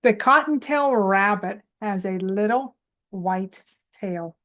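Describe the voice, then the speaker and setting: Slow, coaxing woman teaching toddlers. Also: mid-range voice, a bit bright. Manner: coaxing, leads clap-along chants for toddlers; asks questions and answers for the children. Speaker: preschool teacher host. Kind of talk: children's morning lesson.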